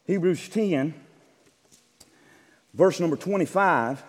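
A preacher with a high voice delivers his sermon in a reverberant church sanctuary. He reads verses in a measured way, then climbs into shouted, fervent exhortation. The long echo of the hall carries every line. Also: lively intonation. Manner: builds from measured reading to shouted fervor. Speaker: Baptist preacher.

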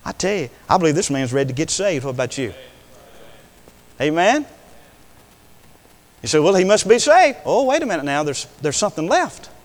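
An older male preacher delivering an impassioned sermon, swinging between hushed words and loud declarations. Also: fairly high pitch, big pitch swings, normal speed, pauses often. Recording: long hall reverb.

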